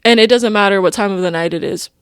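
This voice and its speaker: A woman's voice: mid-range voice, fast talker, a bit bright, clear, resonant tone, dry recording. Rambling young woman, dry close sound. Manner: rambling, stream-of-consciousness, heavy use of "like" and "you know"; emotional, openly personal. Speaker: podcast host. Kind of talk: casual confessional monologue.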